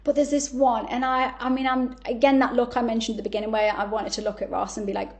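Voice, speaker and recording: A woman, a podcast guest telling stories in a candid, animated way, blunt and swearing freely. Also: on the high side, quick pace. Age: 30s. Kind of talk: candid conversational storytelling.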